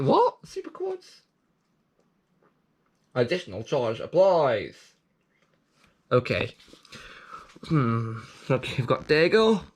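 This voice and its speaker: A man hosting a video, reading a leaflet aloud with jokey commentary, playful and prone to sudden excited outbursts. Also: mid-range voice. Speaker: video host.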